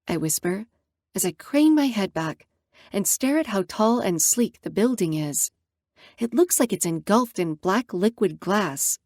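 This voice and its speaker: A woman narrating a first-person romance audiobook in an expressive way. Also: medium pitch, no echo, clean studio sound.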